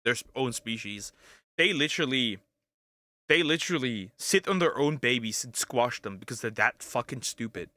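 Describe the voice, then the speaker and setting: A young man reacting to clips with crude jokes, restarts and sudden bursts of yelling. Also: mid-range voice, expressive, moderate pace, dry recording. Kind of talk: casual reaction commentary.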